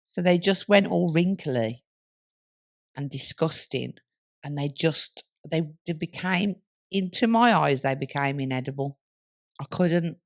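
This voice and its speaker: A woman's voice: sits low, measured pace, vocal fry. A woman co-hosting a podcast, casually telling a story with lots of laughter and swearing. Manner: giggly, swearing, animated storytelling. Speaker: podcast co-host.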